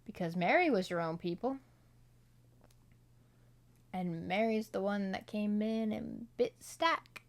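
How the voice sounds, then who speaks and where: A woman talks slowly, pausing often, in a medium-pitched voice while reviewing a film on her own vlog. She goes through her notes in a casual, rambling way full of fillers and asides, and quotes come out in playful accents.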